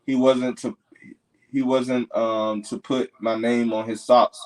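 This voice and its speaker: A man's voice: medium pitch, flat delivery, slow pace, a little mellow, rough recording. A young man hosting a casual livestream, reading out viewer comments and encouraging them in a loose, filler-heavy way. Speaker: livestream host.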